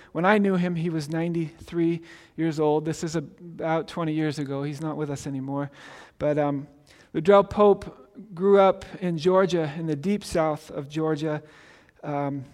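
With a slightly mellow, high male voice, a pastor preaches in an easygoing, conversational way. He stumbles at the outset and keeps asking "right?", and his words carry a long reverb.

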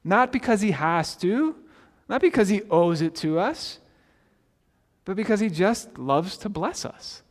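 A man's voice: high-pitched, animated, a little slow, big-room sound. A male pastor preaching a sermon in a conversational way, often asking "right?" and restarting words.

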